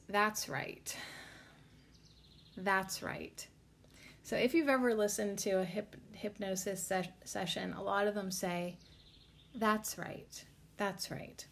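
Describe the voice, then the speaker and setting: Tired woman podcaster, talks real slow, rambly, lots of "like", card reading vibes. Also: mid-range voice, fairly even intonation, vocal fry. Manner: rambling, many "like" fillers, spiritual talk. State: tired, low energy. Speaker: podcast host reading cards. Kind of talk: casual rambling chat.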